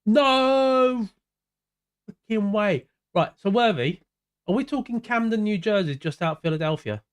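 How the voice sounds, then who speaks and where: A man's voice: high voice, expressive, a little fast. A man with a South London accent, chatting casually to viewers by name during a live racing game stream. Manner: chatty, greets viewers by name, drifts into mumbled asides. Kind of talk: casual livestream chat while gaming.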